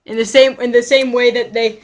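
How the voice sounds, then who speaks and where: A woman's voice: on the high side, level tone, fairly quick. A woman streaming a game, giving rambling, chatty commentary and often cutting herself off mid-word. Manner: rambling, chatty, self-interrupting. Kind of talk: casual let's-play commentary.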